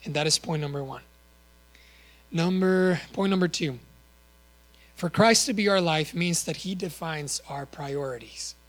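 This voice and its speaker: Earnest male preacher, slightly high voice. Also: a little slow, pauses often, poor audio. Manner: earnest, with rhetorical questions and small self-corrections. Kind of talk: sermon.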